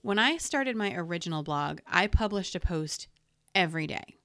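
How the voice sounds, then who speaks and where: A woman's voice: fairly low pitch, expressive, moderate pace, bright, forceful tone, no room sound, studio quality. A woman hosting a solo podcast from home, talking in a candid, conversational and encouraging way into a podcast microphone. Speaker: podcast host.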